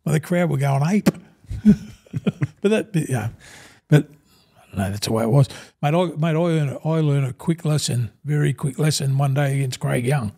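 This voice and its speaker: A man's voice: a little high, moderate pace, gravelly, mellow. An Australian man in his sixties, a podcast guest telling rambling, blokey stories and calling everyone "mate". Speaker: guest, former rugby league forward. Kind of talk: casual storytelling in a podcast interview.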